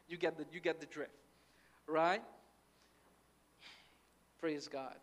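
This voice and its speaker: A man from Guyana delivers a sermon in a high, bright, forceful voice. He talks in an engaged, back-and-forth way, often asking the congregation for an "amen" or a "right.". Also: moderate pace, pauses often. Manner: lively, with call-and-response "amen" and "right" checks. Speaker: preacher.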